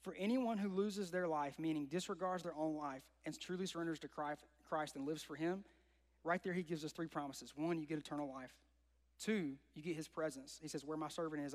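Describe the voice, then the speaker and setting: A young man with a high-pitched voice delivers a casual, conversational sermon, tossing rhetorical questions out to his listeners. His voice rings with a long reverb, as if it were recorded in a large hall. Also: fairly even intonation, fairly quick. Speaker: preacher.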